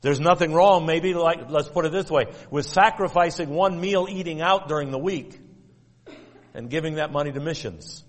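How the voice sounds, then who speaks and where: A man delivering a sermon, teaching in a measured, emphatic way and repeating key phrases. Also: fairly high pitch, long reverb tail. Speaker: preacher.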